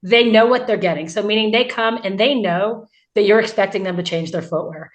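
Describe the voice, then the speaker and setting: A woman's voice: medium pitch, a little fast, muffled recording. A woman hosts a podcast interview, talking in a chatty, casual way. She asks her questions loosely, filling them with likes and rephrasings. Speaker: podcast host and clinician.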